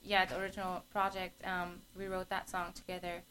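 A young adult woman singer-songwriter, a guest in a casual interview, laughing easily and pausing with fillers. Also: on the low side, completely flat delivery, a bit bright, a little hiss or hum, low-quality recording.

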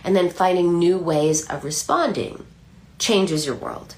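A middle-aged woman, a psychoanalyst, explaining a case with lively storytelling and frequent restarts. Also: on the low side, unhurried. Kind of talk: explanatory talk.

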